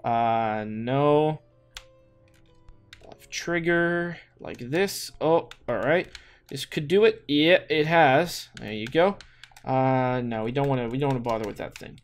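A man's voice: mid-range voice, takes it slowly, clear, resonant tone. Man, gaming commentary, talks to himself, stammers and repeats, blurts out exclamations, faint music underneath. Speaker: gaming YouTuber. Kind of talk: let's play commentary. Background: faint background music.

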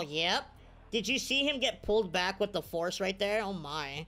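A woman's voice: medium pitch, normal speed, faint music behind. A woman giving live video game commentary, cheering and groaning at every play. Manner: excitable, cheers and groans at plays. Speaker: gaming streamer.

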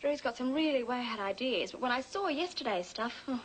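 A woman's voice: sits high, animated, fairly quick, slight background noise, low-quality recording. An actress playing a bubbly, giggly young woman in the style of 1980s TV soap acting. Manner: gushing, giggly.

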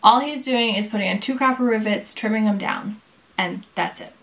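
A woman reviewing leather bags, talking casually and telling an animated story with plenty of quoted back-and-forth. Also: medium pitch, normal speed.

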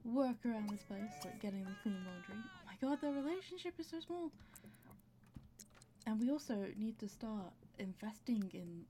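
A woman's voice: fairly high pitch, lively intonation, normal speed, warm tone, a little hiss or hum. A woman casually commenting on her game, chatting to her characters and laughing often, with audible breathing. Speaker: gameplay commentator.

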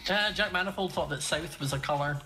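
A woman's voice: fairly low pitch, a little fast, over loud music. A woman chatting casually during a team video game, with dry and wry remarks. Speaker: game player. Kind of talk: casual gaming chat.

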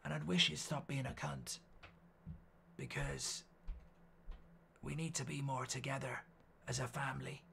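A man putting on an Irish accent to voice a quiet, menacing middle-aged Irishman who murmurs threats. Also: flat delivery, a little slow, vocal fry, pauses often, a little hiss or hum, full character voice. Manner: low, murmured, threatening delivery.

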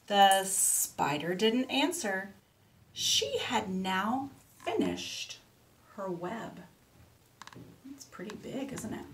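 A woman teaching speech to children, reading a picture book aloud slowly and clearly and pausing so they can repeat words. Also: very animated, noisy background. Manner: animal sounds with big jumps in pitch.

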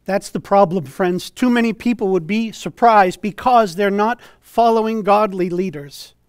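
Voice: mid-range voice, moderate pace, clear, resonant tone, no echo, studio quality. A preacher giving an earnest sermon, exhorting listeners and citing scripture.

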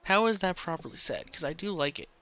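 Young American male streamer with a bright, forceful tone for casual game talk, chatty and foul-mouthed, on a desk mic. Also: sits high, animated, quick pace. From United States. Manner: chatty, swears freely, laughs at his own jokes. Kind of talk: casual gaming commentary.

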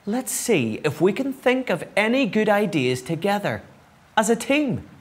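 A man voicing a wise old owl who speaks calmly and hopefully. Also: a little high, unhurried. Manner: calm and hopeful.

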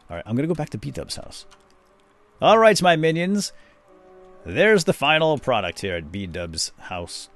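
A middle-aged man hosting a casual game commentary, chatty and rambling as he tells stories and narrates what he is doing. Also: medium pitch. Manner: chatty storyteller, rambling asides. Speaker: host. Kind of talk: casual let's-play commentary.

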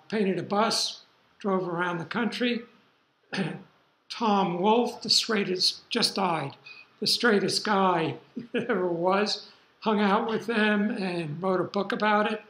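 An older man lectures at a slow, unhurried pace, drifting into relaxed asides. His voice sits fairly high for a man. The sound is roomy, as if recorded in a lecture hall. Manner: rambling, relaxed asides with fillers. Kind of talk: university lecture.

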